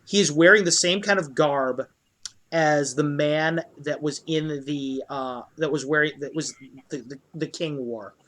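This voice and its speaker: A man narrating as dungeon master in a tabletop role-play game, loose and halting with many fillers. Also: fairly high pitch, fairly bright tone.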